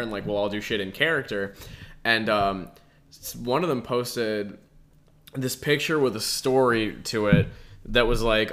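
A man's voice: lowish voice, sharp tone. A young man co-hosting a podcast, rambling and laughing through loose, profane stories in casual chat. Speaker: podcast co-host.

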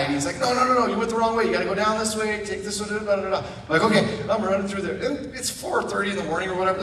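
High-voiced man telling stories in echoey church. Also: slight background noise. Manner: animated, self-mocking, acts out dialogue. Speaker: guest speaker at church. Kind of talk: storytelling testimony. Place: church sanctuary. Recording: echoey church hall from far off.

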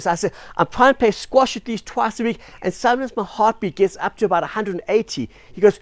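Male pastor from South Africa, conversational storyteller with a fairly high voice, dry close recording. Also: fast talker, few pauses, no echo. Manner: chatty storytelling with self-deprecating asides. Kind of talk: sermon.

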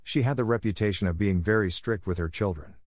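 A man's voice: lowish voice, no echo, studio quality. A man narrating a classic novel steadily for English learners. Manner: steady, measured reading. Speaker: audiobook narrator.

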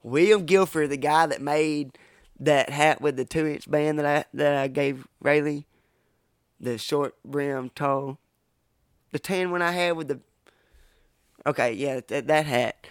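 A man's voice: on the high side, measured pace, long pauses, smooth, no echo. Young male co-host, profane rambling storyteller, dry close sound. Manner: profane, rambling, laughs while telling stories. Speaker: podcast co-host. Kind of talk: casual storytelling chat.

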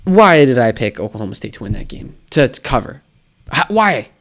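Animated man hosting a sports show. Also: mid-range voice, brisk. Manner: animated, self-mocking, rhetorical questions. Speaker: sports podcast host. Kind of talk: solo sports commentary.

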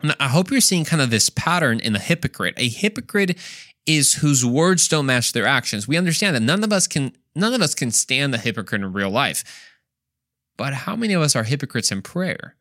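A man's voice: medium pitch, big pitch swings, a little fast, a bit bright, no echo, studio quality. Earnest man teaching a Bible lesson. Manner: earnest, emphatic, rising on key points, self-mocking asides. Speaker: Bible study podcast host.

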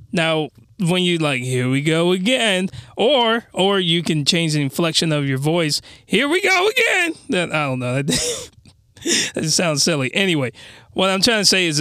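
A man giving a casual, slangy review monologue, animated and given to ranting. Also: a little high, no room sound, studio quality. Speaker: anime reviewer.

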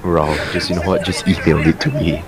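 Very deep-voiced young man. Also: flat delivery, a little fast, a loud crowd. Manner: mock-exasperated, playful. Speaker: podcast co-host. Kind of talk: casual chat. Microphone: voice call mic. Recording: noisy voice call line.

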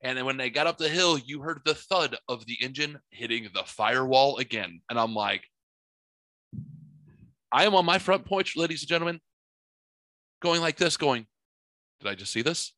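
A man telling a long story in a casual, profane and animated way, acting out his own reactions loudly. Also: medium pitch, moderate pace, pauses often, no echo. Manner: animated, profane, theatrical retelling.

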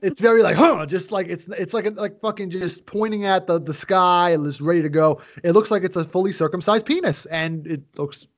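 A man's voice: high-pitched, a little fast, few pauses. A man co-hosting a podcast in casual chat, rambling through stories with loose profanity. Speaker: podcast co-host.

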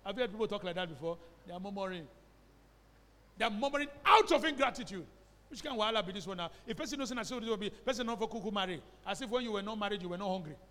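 Man, Nigerian accent, pastor, emphatic sermon, fairly high voice, lingering hall reverb. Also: lively intonation, racing, a bit bright. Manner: emphatic preaching with call-and-response questions; slips into Pidgin phrases. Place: church hall.

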